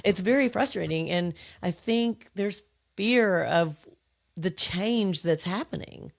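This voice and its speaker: Woman, podcast host, mid pitch, earnest, affirming, conversational. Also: takes it slowly, vocal fry.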